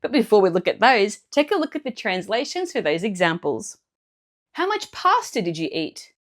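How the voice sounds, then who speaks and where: A woman teacher explaining Italian grammar clearly and step by step in a scripted lesson. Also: mid-range voice, very animated, moderate pace.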